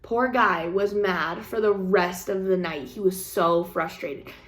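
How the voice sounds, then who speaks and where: A woman's voice: on the low side, measured pace. A young woman craft vlogger telling a story in casual chat, with frequent laughs and the odd swear word. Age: young adult.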